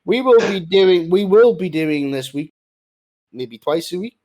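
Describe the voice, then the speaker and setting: Young male host, lively swooping pitch, goofy storyteller who bursts into yelling. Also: a little slow. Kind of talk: comic storytelling on a voice call.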